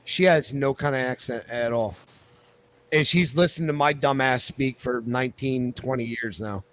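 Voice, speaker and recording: A man's voice: medium pitch, moderate pace, a bit bright. A man in his forties with a Philadelphia accent, chatting on a show in a blunt, rambling way and often restarting his words. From United States. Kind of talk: casual chat.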